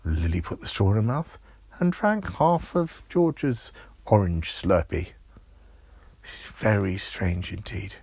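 Husky man spinning a children's story. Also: lowish voice, takes it slowly, no room sound. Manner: lively, building suspense, playful. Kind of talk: improvised children's story narration.

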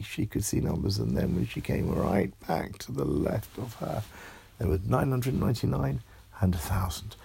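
A man tells a bedtime story slowly in a dark, gravelly, husky voice. He keeps it hushed and animated, swings his pitch widely and often sinks into a whisper.

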